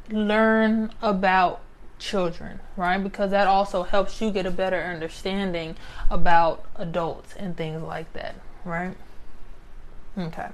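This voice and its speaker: A young adult woman talking casually and reflectively to her listeners, often ending a point with "right?". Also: mid-range voice. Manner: conversational, often adds "right?" as a tag. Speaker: speaker sharing personal reflections.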